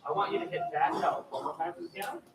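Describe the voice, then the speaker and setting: A man's voice: high-pitched, huge pitch swings, fast talker, loud music behind the voice. A man coaching a choir in rehearsal, upbeat and encouraging, demonstrating vocal sounds as he directs the singers. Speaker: choir clinician. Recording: echoey hall, distant mic, loud ambient noise.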